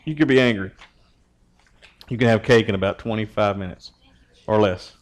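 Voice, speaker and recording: A man's voice: on the low side, normal speed. A man preaching a casual youth sermon, joking and teasing as he quizzes the group. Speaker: youth pastor.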